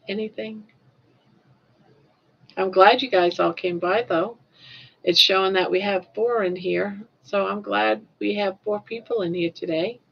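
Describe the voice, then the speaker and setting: Gravelly older woman chatting on a livestream. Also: medium pitch. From Maine. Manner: rambling, repeats words and restarts often. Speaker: livestream host. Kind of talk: casual livestream chat. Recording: dull lo-fi livestream audio.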